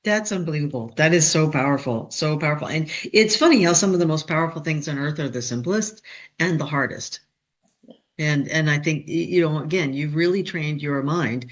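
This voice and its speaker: A woman's voice: sits low, a little fast, muffled recording. A woman hosting an interview show, effusive and full of praise for her guest. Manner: effusive, warmly praising, affirming. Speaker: show host.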